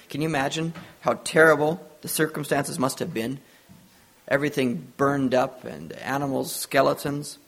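Gravelly, husky man preaching a sermon. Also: medium pitch, fairly bright tone. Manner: earnest storytelling, acts out biblical dialogue.

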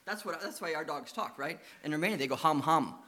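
A man with a fairly high, sharp, bright voice, preaching to a congregation. He tells stories in a lively, anecdotal way and stops to coax the children with questions before turning to his main point. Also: fast.

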